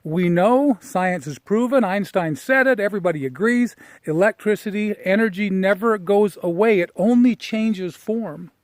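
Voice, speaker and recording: A middle-aged man telling a personal story outdoors while walking, reflective and emotional, halting with fillers and restarts. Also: high voice, dry recording. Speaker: personal development speaker.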